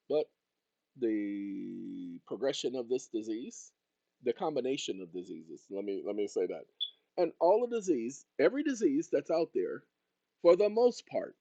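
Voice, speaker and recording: A man's voice: on the high side, mellow, breathy edge, dry recording, highs cut off. A man hosting his own channel, talking straight to viewers in a rambling monologue with jokey asides. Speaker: channel host and consultant.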